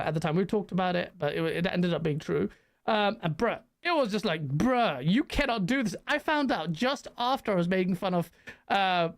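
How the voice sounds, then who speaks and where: A man hosting a podcast, talking in a quick, animated way and often breaking into laughter. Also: high-pitched. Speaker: podcast host. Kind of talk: casual podcast chat.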